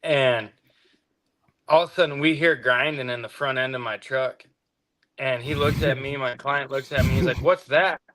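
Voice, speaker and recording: A man's voice: medium pitch, steady tone, normal speed, pushed and bright, a little hiss or hum. A man who works as a hunting guide, telling stories in a laid-back way with dry humor. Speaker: hound hunting guide, co-host. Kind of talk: casual storytelling chat.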